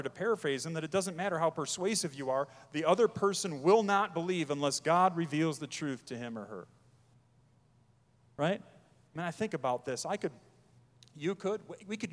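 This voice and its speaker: A man preaching a sermon as pastor, emphatic, pressing his points hard and then dropping his voice low. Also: long reverb tail.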